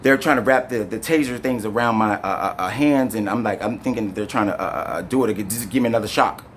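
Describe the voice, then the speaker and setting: Man telling a painful story, halting. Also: lowish voice, a little hiss or hum. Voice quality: rambling, halting with many fillers and restarts. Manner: animated, addresses viewers directly. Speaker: storyteller recounting an arrest. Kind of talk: emotional first-person storytime to camera.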